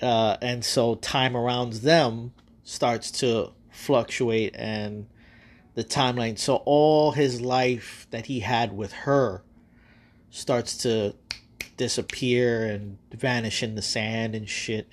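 A man's voice: medium pitch, takes it slowly. A man hosting a podcast, casually recapping his own stories in a loose, rambling way with frequent fillers and swearing. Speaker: podcast host. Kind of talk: casual storytelling monologue.

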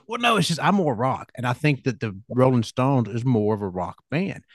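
Man, country Southern accent, podcast host, rambling and relaxed, dry sound. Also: mid-range voice, normal speed, dry recording. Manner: relaxed, rambling anecdotes with fillers. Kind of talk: casual podcast chat.

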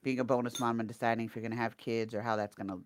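A woman's voice: a bass voice, little pitch movement, rapid-fire. A woman co-hosting a podcast, reacting playfully in casual chat. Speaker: podcast co-host.

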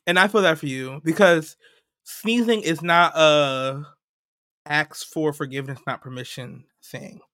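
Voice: medium pitch, measured pace, sharp tone, no echo, studio quality. A podcast co-host in casual chat, making an emphatic point step by step.

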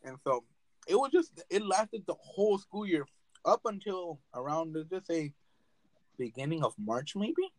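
A man's voice: on the high side, lively intonation, moderate pace, no room sound, poor audio. A young man hosting a casual podcast chat, telling stories with lots of swearing and laughter. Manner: storytelling, swears freely, laughs often. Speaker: podcast host.

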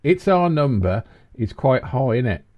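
A middle-aged man banters with his co-host in an easygoing, rambling way. His pitch leaps around constantly as he talks, rising high whenever something amuses him. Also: unhurried. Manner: animated, rambling, breaks into high laughs. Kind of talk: casual banter.

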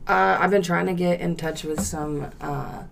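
A woman's voice: fairly low pitch, a little slow, vocal fry, background noise. A young woman co-hosting a podcast, chatting casually and swearing freely as she tells stories. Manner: animated storytelling, swears freely, laughs often. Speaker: podcast co-host.

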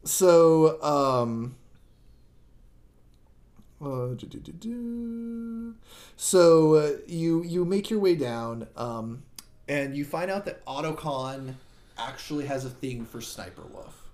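A man in casual podcast chat, animatedly retelling a game's story and acting out characters' lines. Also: takes it slowly. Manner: animated, acts out characters' lines with big jumps in pitch.

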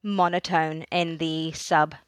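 A woman co-hosting a podcast in casual chat, talking in an animated way and often restarting her sentences. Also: low-pitched, slow pace, smooth, no room sound. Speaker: podcast co-host.

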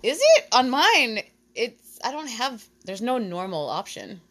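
A woman's voice: fairly high pitch, very animated, a little slow. A woman hosting a podcast, chatting and joking with friends around a table and laughing often. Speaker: podcast host. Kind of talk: casual chat with friends.

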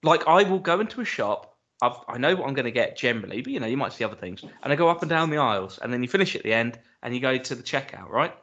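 A man, co-hosting a podcast, chatting casually with many halting restarts. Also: medium pitch, big pitch swings, a bit bright, lo-fi sound. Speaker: podcast co-host. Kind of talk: casual chat.

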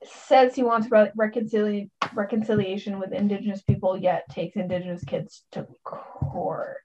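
A woman co-hosting a podcast, outspoken and indignant, with frequent swearing. Her voice sits at a middle pitch, and the recording sounds slightly dull and lo-fi. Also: steady tone, moderate pace, noisy background. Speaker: podcast co-host. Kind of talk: casual podcast discussion.

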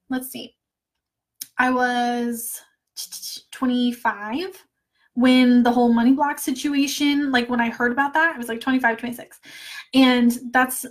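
A woman with a somewhat high voice, chatting casually and candidly with her viewers as a money mindset coach. She laughs easily and talks in a loose, friendly flow. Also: fairly bright tone. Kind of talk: casual live chat answering viewer comments.

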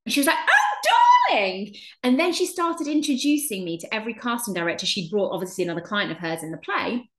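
An actress telling stories in a chatty, animated way on a podcast. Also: female voice, medium pitch, quick pace, hardly any pauses, a little hiss or hum. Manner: chatty storyteller, animated, swears. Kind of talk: casual chat.

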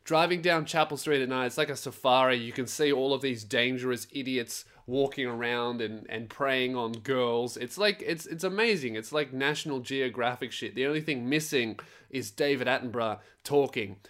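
A young man hosting a podcast, telling stories in a profane, animated comic rant. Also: medium pitch, normal speed. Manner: profane, animated storytelling with laughs. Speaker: podcast host. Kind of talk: casual comedic rant.

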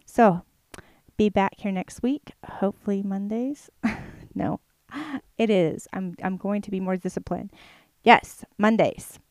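A woman's voice: medium pitch, fairly even intonation, a little slow, a little mellow, no echo. A woman author sharing a personal faith testimony in a chatty, earnest way, with many fillers. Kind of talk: casual testimony to camera.

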